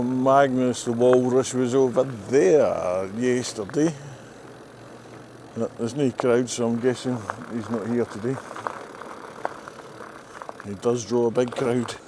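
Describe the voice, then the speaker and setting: Wry older Scottish man outdoors. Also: mid-range voice. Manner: chatty, wry and self-mocking. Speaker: race course sweeper. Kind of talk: casual vlog narration while cycling. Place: outdoors on a coastal trail. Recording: faint outdoor noise.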